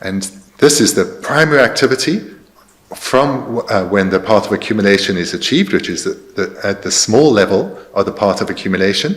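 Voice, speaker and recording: A man translating a Buddhist dharma teaching in a careful, measured way, pausing with fillers as he searches for precise terms. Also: fairly low pitch. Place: meditation centre teaching hall.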